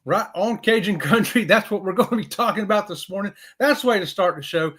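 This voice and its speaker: A man hosting a live stream in casual chat, folksy and excitable, often saying y'all. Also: high-pitched, fairly quick.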